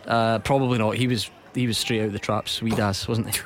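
A man's voice: fairly low pitch, level tone, fairly quick, background noise. A man hosting a football radio show, teasing his studio guests and laughing easily. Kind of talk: casual studio banter.

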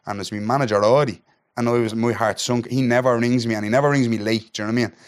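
A man's voice: medium pitch, fast talker. A young man with a Dublin accent, a podcast guest retelling a story in casual chat and acting out the dialogue. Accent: Irish, Dublin. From Ireland. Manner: animated retelling, acts out dialogue, keeps asking "do you know what I mean". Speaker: podcast guest, MMA fighter.

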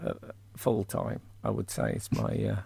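Radio host, man, gravelly voice, lively dry humour, broadcasting from home. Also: lowish voice, moderate pace, no room sound. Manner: dry, self-mocking humour. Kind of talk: casual banter.

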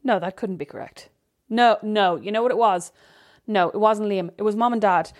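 A woman, co-hosting a podcast in casual chat and telling stories in a lively way, often acting out what people said. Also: medium pitch, moderate pace. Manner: chatty, animated storytelling with quoted asides. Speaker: podcast co-host.

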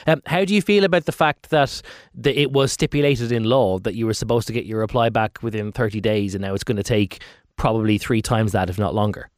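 A brisk Irish man hosts a radio interview, putting measured, probing questions. His voice is dry and close, with no room sound. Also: lowish voice, dry recording. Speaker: radio host.

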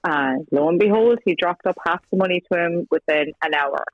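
Speaking at a moderate pace in a fairly low voice, this Irish woman is interviewed casually by phone about her ex-partner, the subject. She's chatty, acts out what people said and laughs between lines. There's no echo, just the dry, tinny sound of a phone line.

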